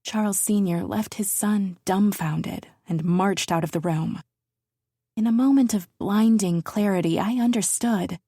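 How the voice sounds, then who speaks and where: Female first-person thriller narrator, measured and intimate, dark soft tone, dry booth sound. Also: medium pitch, breathy edge, dry recording. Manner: measured, intimate, dropping into whispers. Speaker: audiobook narrator.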